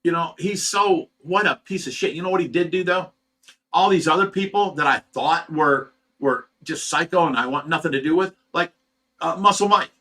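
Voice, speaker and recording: A man's voice: a little high, normal speed, pushed and bright. A middle-aged man from Ohio who runs a fish rescue, venting at home in a casual, agitated monologue, stumbling over repeated words. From Ohio, USA.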